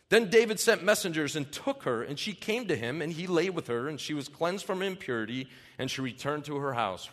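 A man's voice: a little high, expressive, a little fast, hardly any pauses, a bit bright. A man preaching a sermon, reading scripture aloud and then explaining it earnestly in casual terms, in a church hall. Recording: long reverb in a large hall.

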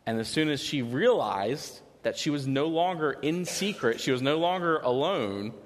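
A man's voice: a little high, lively intonation, normal speed. A man preaching a conversational sermon, telling a story informally with many "you know" fillers and restarts. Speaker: pastor. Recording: long reverb of a large hall.

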